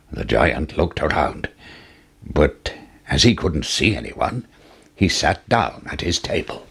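A man narrating a children's fairy tale in an expressive, deliberate storytelling manner. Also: very deep voice, creaky, slightly rough.

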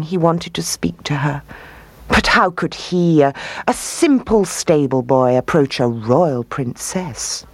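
A woman reading a fairy tale aloud as storyteller, expressive and rising on key words. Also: low voice, dry recording.

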